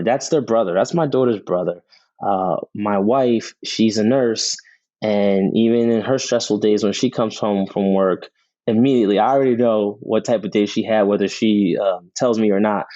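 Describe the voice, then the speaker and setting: Earnest low-voiced man, dull dry sound. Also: mellow, no echo. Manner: earnest, repeats words when starting sentences. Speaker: podcast guest, Army veteran. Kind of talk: conversational interview storytelling.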